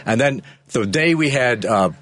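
A man's voice: mid-range voice, lively intonation, unhurried, fairly bright tone. A man, a radio show producer, telling a rambling on-air story with chuckles. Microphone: studio microphone.

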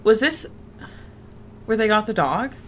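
A woman co-hosting a podcast, chatting casually and throwing in joking asides in loud mock voices. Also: on the high side, big pitch swings, a little slow, a little hiss or hum. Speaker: podcast co-host. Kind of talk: casual recap chat.

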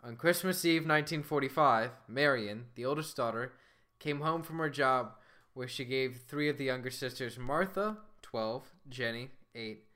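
A man's voice: mid-range voice, moderate pace, pushed and bright. A young man co-hosting a podcast, telling a true story in casual chat and laughing often as he goes. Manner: laughs often while telling, puts on voices for quotes.

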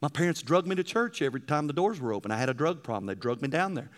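A male preacher delivering a sermon, telling stories and swinging between loud emphasis and hushed passages. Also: on the high side, lively intonation, rapid-fire.

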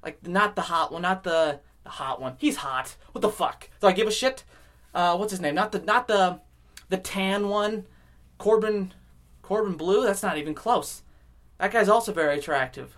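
A man hosting a podcast alone, rambling casually with constant swearing and swings between loud outbursts and low mutters. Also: normal speed. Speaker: podcast host. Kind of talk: casual rambling solo monologue.

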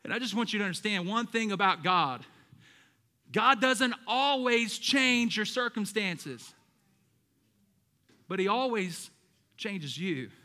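Bright-voiced pastor preaching. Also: male voice, high voice, expressive, slow, long pauses, in a large hall. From American South. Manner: emphatic preaching, calls out to the congregation. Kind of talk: sermon.

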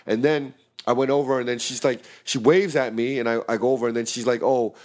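A man casually telling a story about his bartending shift to friends, swearing a lot and acting out the shouting in the quotes. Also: mid-range voice, a little fast. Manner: animated, profane, acts out shouting in quotes.

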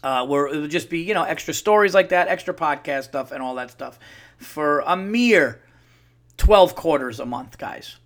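Man, podcast host, solo storytelling, profane, animated, slightly high voice. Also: moderate pace.

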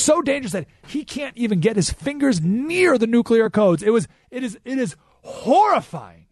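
A man hosting a political talk radio show, emphatic and animated, repeating points for effect, in a studio. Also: high voice, dry recording. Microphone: studio microphone.

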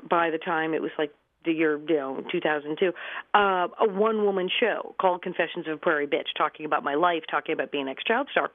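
A woman's voice: lowish voice, dry recording. A woman in her fifties, a guest actress and comedian, telling stories in a radio interview and laughing often. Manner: chatty storyteller, laughs often. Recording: phone-line call-in.

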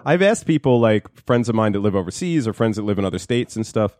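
Fast-talking New Jersey man, low voice. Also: animated, darkish tone, dry recording, clean studio sound. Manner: fast-talking, swearing, storytelling with impressions. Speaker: podcast co-host. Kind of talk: casual chat.

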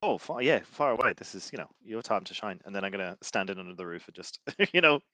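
A man's voice: fairly low pitch, expressive, fast, pushed and bright, no room sound. A man playing a tabletop game, chatting casually with many hesitations and fillers. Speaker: player. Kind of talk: casual tabletop role-play.

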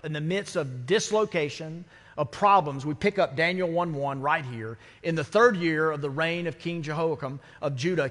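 A man's voice: fairly high pitch, a bit bright. A man preaching a sermon as pastor, conversational and full of rhetorical questions. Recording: church sanctuary with long reverb.

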